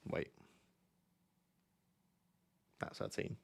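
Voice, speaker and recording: A young man hosting a casual live stream, joking and reading out viewer comments. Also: a little fast. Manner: joking, reads chat aloud. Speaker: FPL streamer.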